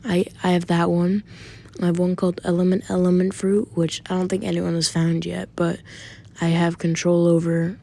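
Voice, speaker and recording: A woman's voice: on the low side, level tone, normal speed, vocal fry, mellow. A woman voicing a cocky, overpowered young male pirate captain, boasting in an offhand, casual way.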